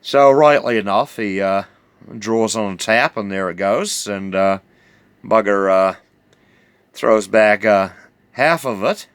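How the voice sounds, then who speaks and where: A man's voice: on the low side, slow, clean tone, no room sound. A man with a New Zealand accent telling a rambling, drawling yarn full of fillers and self-corrections. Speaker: storyteller.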